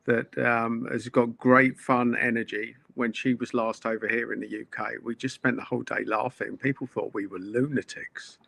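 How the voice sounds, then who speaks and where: A male host in casual chat, relaxed and rambling, chatting with his guest. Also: medium pitch, moderate pace, gravelly, few pauses, no echo.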